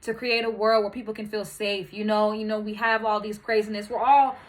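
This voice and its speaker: A woman's voice: medium pitch, monotone, fairly quick, poor audio. A married mother hosting her own show, speaking candidly and earnestly, with lots of fillers, as she encourages the listener directly. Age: adult, married mother. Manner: earnest and heartfelt, with many fillers. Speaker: podcast host. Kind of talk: candid personal monologue.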